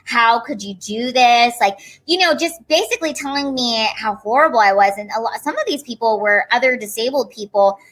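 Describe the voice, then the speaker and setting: Bright, animated woman telling stories. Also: fairly high pitch, fairly quick, hardly any pauses, husky. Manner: animated, acts out quoted voices. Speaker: comedian guest. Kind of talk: casual storytelling interview.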